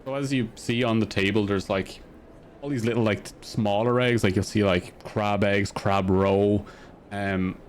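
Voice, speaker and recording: A man running a tabletop game as dungeon master, rambling with lots of fillers and quick laughs. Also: on the low side, fairly even intonation, slight background noise.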